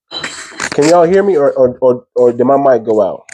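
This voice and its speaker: Emphatic man with a dark voice. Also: medium pitch, lively intonation, moderate pace, slight background noise, low-quality recording. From United States. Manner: emphatic, repeats phrases, talks straight to chat. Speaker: livestream commentator. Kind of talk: livestream political commentary. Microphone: small cheap wireless clip mic.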